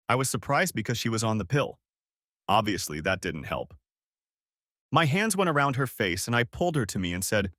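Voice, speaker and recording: A man narrating a first-person story as an audiobook reader with a steady storytelling manner. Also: fairly low pitch, moderate pace, dry recording, studio quality.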